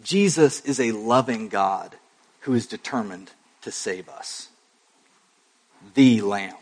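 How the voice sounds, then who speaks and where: A male pastor preaching a sermon, emphatic, with dramatic pauses, rising swells and folksy asides. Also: lowish voice.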